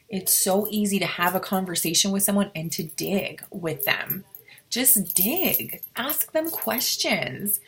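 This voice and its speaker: A woman giving casual motivational advice to her team, acting out both sides of the conversations she describes. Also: mid-range voice. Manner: chatty, role-plays both sides of conversations.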